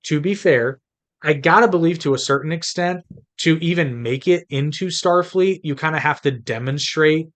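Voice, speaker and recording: A man's voice: fairly high pitch, normal speed, fairly bright tone. Chatty man co-hosting a podcast. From United States. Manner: chatty, rambling, talks in restarts. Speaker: podcast co-host. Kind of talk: casual chat.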